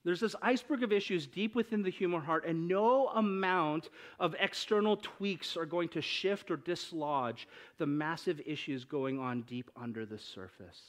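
A man in his thirties, a pastor preaching a sermon, animated and jokey, asking the crowd questions. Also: on the high side.

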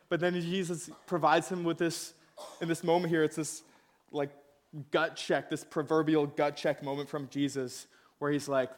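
Speaking at a normal speed with a fairly high, steady voice, this young male pastor preaches like he's telling a casual story. He laughs, pokes fun at himself, and performs the quoted lines of his characters.

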